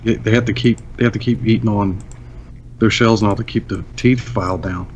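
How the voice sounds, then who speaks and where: A man's voice: lowish voice, fairly even intonation, fairly quick, a little mellow. A man co-hosting a casual podcast, easygoing with short chuckling replies. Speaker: podcast co-host. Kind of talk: casual chat. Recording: dull lo-fi sound with faint noise.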